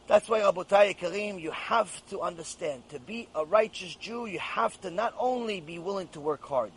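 A man's voice: sits high, very animated, a little fast, few pauses, breathy edge, poor audio. A rabbi giving an emphatic Torah lecture and repeating his key phrases for emphasis.

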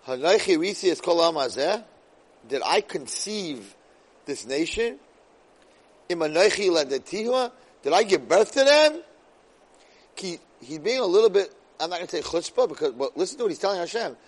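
A man giving a weekly Torah portion class, weaving Hebrew verses into English and swinging dramatically between loud and soft delivery. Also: high voice, sing-song, moderate pace, breathy edge, poor audio. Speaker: Torah lecturer.

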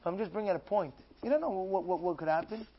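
A man giving an animated Torah class as a rabbi, acting out dialogues and repeating phrases with mounting excitement. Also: high voice, quick pace, dull audio. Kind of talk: animated sermon.

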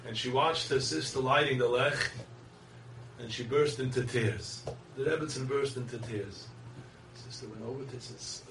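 A man's voice: medium pitch, background noise. Earnest man preaching in an echoey room. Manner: earnest preacherly delivery, chants Hebrew verses. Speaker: rabbi. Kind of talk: sermon with storytelling. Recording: echoey room, distant mic, faint ambience.

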